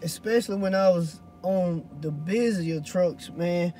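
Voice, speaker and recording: A man's voice: sits high, a little slow, dark tone, slight background noise. A man, a hotshot truck driver chatting loosely to viewers in a rambling, swearing way. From Louisiana. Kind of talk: casual vlog chat answering viewers.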